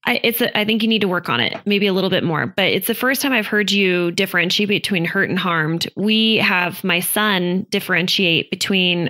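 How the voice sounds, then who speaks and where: A woman's voice: on the low side, moderate pace, pushed and bright. A woman in her thirties co-hosting a marriage podcast, talking in an earnest, casual advice-giving way with many fillers. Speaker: podcast co-host. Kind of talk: casual chat about relationships.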